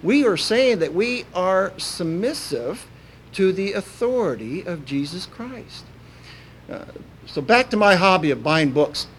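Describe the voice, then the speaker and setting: Folksy preacher, higher voice. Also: male voice, animated, measured pace, a little hiss or hum. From Kentucky, USA. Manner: folksy and anecdotal, with frequent "uh" fillers. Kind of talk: sermon.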